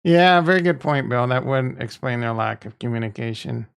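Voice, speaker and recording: A man's voice: medium pitch, normal speed, gravelly, smooth. A man hosting a casual crypto livestream, rambling and swearing freely as he reacts to viewer comments. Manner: rambling, profane, off-the-cuff.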